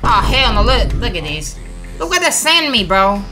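Woman host for let's play commentary: excitable, slangy, taunting, animated pitch, over game music. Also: normal speed. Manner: excitable trash-talking, shouts taunts at enemies; slangy, swears often. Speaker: gaming channel host.

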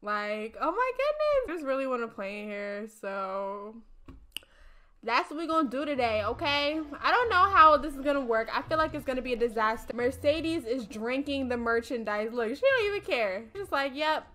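A woman's voice: sits high, sing-song, normal speed, pushed and bright. A young woman casually narrating a life-sim game to her viewers, chatty, slangy and freely cursing, over a desk mic. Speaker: gaming streamer. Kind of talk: casual let's-play commentary. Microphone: desk mic, no face cam. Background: faint game music.

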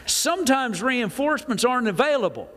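An older man preaching a folksy, animated sermon to his congregation. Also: very high voice, a little fast. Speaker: pastor. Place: church sanctuary. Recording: reverberant church hall.

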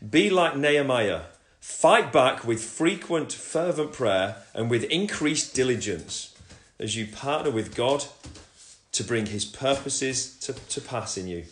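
A man's voice: mid-range voice, animated, takes it slowly. A man giving a casual religious talk on a livestream, rambling and breaking off his own sentences, sometimes reading scripture aloud at home. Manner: rambling, self-interrupting, reads scripture aloud. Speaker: Christian speaker sharing testimony. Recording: echoey room.

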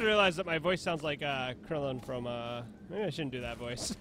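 A man's voice: mid-range voice, moderate pace, fairly bright tone, slight background noise. A playful young man giving casual commentary while playing a video game, often laughing and reading the game's lines aloud in put-on voices. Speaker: let's play host.

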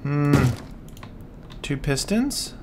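A man's voice: a little high, big pitch swings, extremely slow, heavy background noise. A man casually commenting on his game, dismayed and often exclaiming to himself as he plays. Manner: dismayed, keeps exclaiming and muttering to himself while playing. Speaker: gaming channel host. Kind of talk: casual let's-play commentary.

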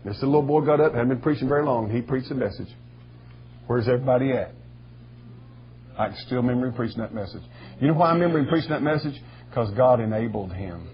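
A man preaching a sermon in a folksy storytelling way, with a husky voice. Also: mid-range voice, fast, muffled recording. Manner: folksy storytelling, rising to shouting bursts. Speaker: pastor.

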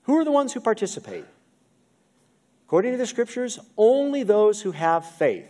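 An American man delivers a sermon in a church, his pitch sitting high and swinging widely between phrases. He keeps the congregation involved, asking questions as he explains each point. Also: moderate pace. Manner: animated preaching, asks the congregation questions. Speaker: pastor. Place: church sanctuary. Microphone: video-recorded pulpit mic.

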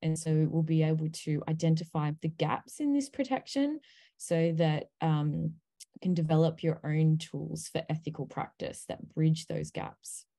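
A woman speaks on an online panel with a low, mellow voice. She walks through a course one part at a time, filling pauses with ums. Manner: many ums, steady explaining pace.

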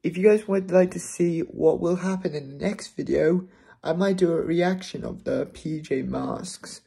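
A male vlogger talking casually to the camera, upset and close to tears, halting and repeating himself. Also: on the high side, vocal fry, warm tone, breathy edge. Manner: repetitive, halting, keeps restating himself. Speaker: fan channel vlogger.

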